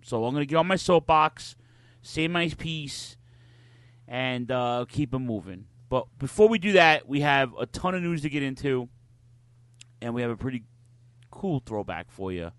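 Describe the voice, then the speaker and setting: A man's voice: medium pitch, animated, normal speed, fairly bright tone, clean tone, no echo. Male podcast co-host, blunt ranting talker, cursing, dry close mic. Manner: blunt, swears freely, ranting. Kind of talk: casual podcast chat.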